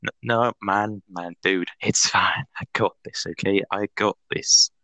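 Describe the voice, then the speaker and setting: Man playing a smug little sausage dog, laid-back and low, storytelling. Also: fairly even intonation, measured pace, pushed and bright, no echo. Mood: cocky. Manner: laid-back, reassuring, slangy. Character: cocky talking male sausage dog.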